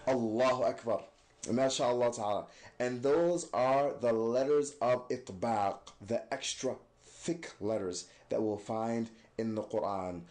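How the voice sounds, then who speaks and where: A man teaching recitation in an unhurried, step-by-step way, repeating each sound slowly and clearly. His voice is dark and mellow, and he warmly praises each attempt by the learner. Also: medium pitch. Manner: patient, demonstrates sounds slowly and repeats them. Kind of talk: step-by-step pronunciation lesson.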